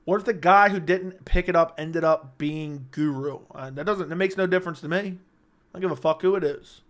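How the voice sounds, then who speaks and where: A young man with a slightly high-pitched voice hosts a late-night livestream. He talks in loose, brash banter, swearing freely and joking with his chat. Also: moderate pace. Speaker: livestream host.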